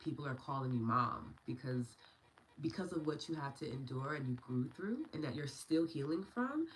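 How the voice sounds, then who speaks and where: A woman in her thirties hosts a meditation and EFT livestream, affirming viewers and answering their comments by name in casual chat. Her deep, expressive voice moves at normal speed, and the rough recording has a little hiss or hum.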